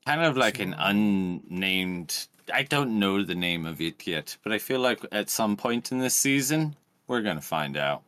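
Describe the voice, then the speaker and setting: A man's voice: lowish voice, animated, measured pace, a bit bright. A man playing in a tabletop game, easygoing and thinking aloud with ums as he describes his character. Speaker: player.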